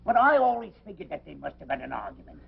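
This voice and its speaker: Older publican, man, cantankerous, gravelly rasp, fairly high lively voice. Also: fast talker, heavily acted. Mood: rambling. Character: gruff older male London pub owner, quarrelsome. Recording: dull old film soundtrack.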